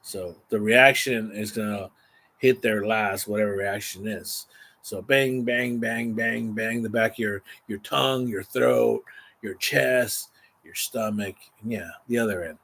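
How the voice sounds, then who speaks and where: Casual male vlogger, lowish voice, rambling and animated storyteller. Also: unhurried, gravelly. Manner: rambling, animated, exaggerating for effect.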